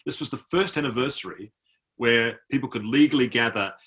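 Bright-voiced man telling a story. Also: medium pitch, a little fast. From Australia. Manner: animated anecdote-telling, mimics voices he met. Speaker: author guest. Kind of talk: storytelling in a conversation. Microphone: video call.

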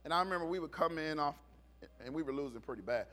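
A middle-aged pastor's voice runs on the high side and moves fast as he preaches, telling lively stories and voicing the people who appear in them.

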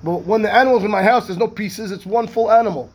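A man, a rabbi teaching a Talmud class, reading text quickly and explaining it in rhetorical questions. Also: high voice, husky. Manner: animated, reads Hebrew text fast then explains in English; asks rhetorical questions, acts out the rabbis' voices.

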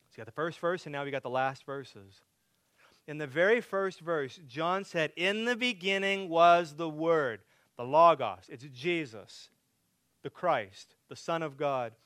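A man preaching a sermon to a congregation, asking them direct questions and building from quiet teaching to loud, emphatic preaching. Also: on the high side, a little slow, smooth, no room sound. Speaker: pastor.

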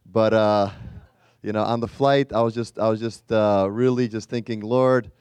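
A man's voice: on the low side, steady tone, normal speed, darkish tone, clean tone, dry recording. A man, a guest evangelist, preaching a casual storytelling sermon in a chatty, rambling way with many fillers and restarts.

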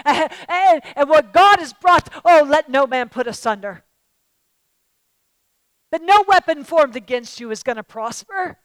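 High, smooth-voiced woman preaching emphatically. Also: moderate pace, no echo. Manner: emphatic, rising to loud declarations, calls out to the audience. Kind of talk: sermon to a live audience.

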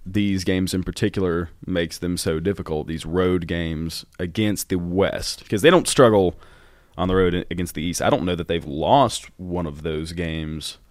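A young man co-hosting a student sports podcast, chatting casually and relaxed, often trailing off quietly. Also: low-pitched, normal speed, no echo, studio quality.

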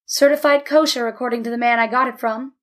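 A woman voicing a guarded working-class father who is gentle with his son. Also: a little high, fairly even intonation, fast talker, natural voice.

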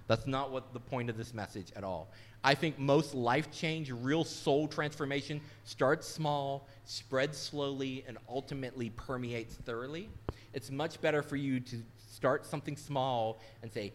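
A man's voice: mid-range voice, steady tone, moderate pace. A middle-aged man, a pastor, giving a sermon in a candid, conversational and self-deprecating way.

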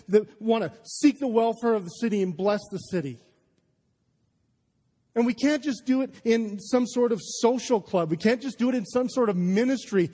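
Fired up pastor guy preaching, kinda high voice, lots of restarts, sounds like a big echoey church. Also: a little mellow. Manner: impassioned, emphatic, with stammering restarts. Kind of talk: sermon. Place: large church hall. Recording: live sermon in a reverberant hall.

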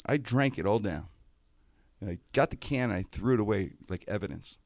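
Animated man. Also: lowish voice, brisk, vocal fry, dry recording. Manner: animated, does comic voices mid-story. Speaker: guest storyteller on a talk show. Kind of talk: casual storytelling chat.

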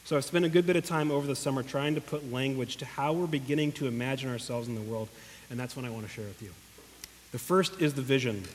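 A man's voice: mid-range voice, fast, slight background noise. A pastor preaching a sermon in earnest, emotional tones, speaking directly to his congregation. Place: church hall. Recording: long echo of a large hall.

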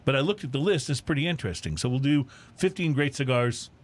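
A man co-hosting a casual drinks podcast, chatting in a relaxed, rambling way with lots of fillers. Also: mid-range voice, fast talker. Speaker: podcast co-host. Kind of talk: casual chat.

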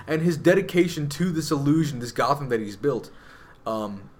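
A man's voice: on the high side, expressive, normal speed. A man co-hosting a podcast, talking through films in a thoughtful, analytical way with many fillers. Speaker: podcast co-host. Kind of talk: casual chat.

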